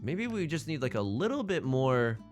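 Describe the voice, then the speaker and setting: A man streaming a building game live, thinking aloud in an excitable, joking way and swearing at his own designs. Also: medium pitch, moderate pace, faint music behind. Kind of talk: live gameplay commentary.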